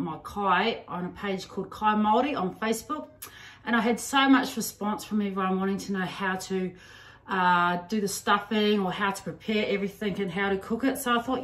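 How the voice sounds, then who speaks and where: A woman's voice: mid-range voice, fairly bright tone. A middle-aged woman from New Zealand with a Kiwi accent touched by Australian, giving a homely, chatty cooking demonstration in her home kitchen, full of ums and slang. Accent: New Zealand with some Australian. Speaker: home cook. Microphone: camera on a stand, away from the speaker. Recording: echoey room, mic at a distance.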